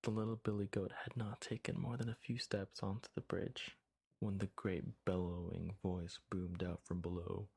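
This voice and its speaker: A man reading a children's story aloud in a soft ASMR voice, sometimes dropping to a whisper. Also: low-pitched, level tone, moderate pace, vocal fry, breathy edge.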